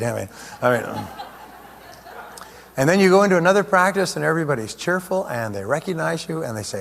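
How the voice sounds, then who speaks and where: A man's voice: fairly high pitch, a little fast, creaky. Man speaking in a reverberant hall. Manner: joking, rousing the audience. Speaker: seminar speaker. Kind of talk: motivational seminar talk. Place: large seminar hall. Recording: echoey hall with long reverb.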